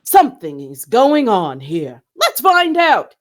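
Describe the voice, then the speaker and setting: Brief: woman playing a calm, gallant puppet fish, slow and stately, high voice. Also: exaggerated voice. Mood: reassuring.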